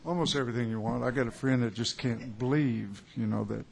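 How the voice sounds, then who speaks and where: A man, chatting between songs at a small club show, rambling and halting with many pauses and wry chuckles. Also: medium pitch, fairly even intonation, creaky, a little mellow. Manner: wry, chuckling joke-teller. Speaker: singer-songwriter performing live. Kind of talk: onstage banter between songs. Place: small live music club.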